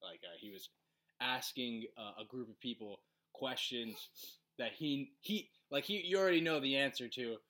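Bright-voiced man telling stories casually. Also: mid-range voice, normal speed. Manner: relaxed storytelling with frequent fillers. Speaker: podcast co-host. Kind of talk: casual conversation.

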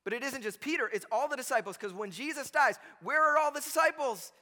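High, bright-voiced pastor preaching in a hall. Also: male voice, lively intonation, a little fast. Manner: conversational and joking, constantly checks in with "right?". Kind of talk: sermon. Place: church sanctuary with a congregation. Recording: long reverb from a large hall.

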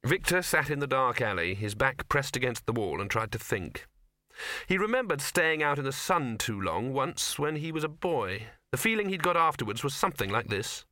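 A man reads a comic fantasy audiobook with wry, measured timing. His voice is bright and crisp, recorded close and dry. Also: mid-range voice, dry recording. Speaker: audiobook narrator. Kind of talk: scripted narration.

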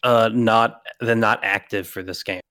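A young man with a fairly low voice co-hosts a casual sports podcast. He talks in a laid-back, dry way and lets his sentences fade out quietly. The sound is close and dry. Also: steady tone, unhurried, dry recording. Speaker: podcast co-host.

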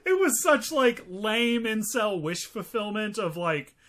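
A man's voice: high voice, sing-song, a little slow, fairly bright tone. A man co-hosting a podcast in casual chat, sarcastic and laughing often. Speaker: podcast co-host.

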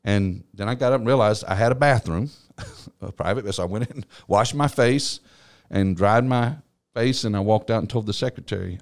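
A middle-aged pastor telling a personal story in conversation, folksy and laughing often. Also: male voice, fairly low pitch, moderate pace.

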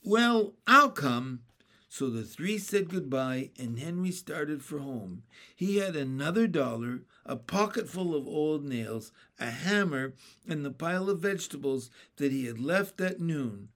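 A man reading a children's chapter book aloud in a steady, plain storybook narration. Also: a little high, unhurried.

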